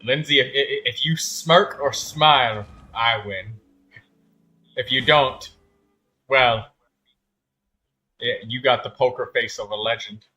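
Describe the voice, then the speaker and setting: A man's voice: medium pitch, takes it slowly, long pauses, sharp tone, faint music behind. A man chatting casually and teasing others while he streams a game, laughing often. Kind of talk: casual live-stream chat while gaming.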